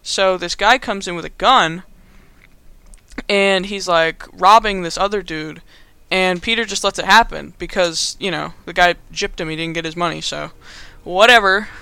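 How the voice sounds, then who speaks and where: A man's voice: high-pitched, sharp tone, smooth, no echo. A young man casually recapping a movie as a podcast host, rambling with lots of fillers and frequent laughs.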